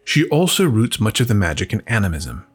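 A man hosting a podcast, delivering scripted narration as a measured, expressive reading. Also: on the low side, slightly rough, soft background music. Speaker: podcast host.

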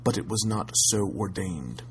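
A man narrating a classic tale aloud in a measured, steady storytelling manner. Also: sits low, faint music behind, poor audio. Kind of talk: audiobook reading of a classic tale.

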